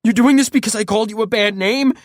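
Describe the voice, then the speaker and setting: A man's voice: sits high, quick pace, dry recording, clean studio sound, pitched above the performer's own voice, lightly acted. A male narrator voicing a terrified young man who pleads desperately, his voice cracking upward. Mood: pleading.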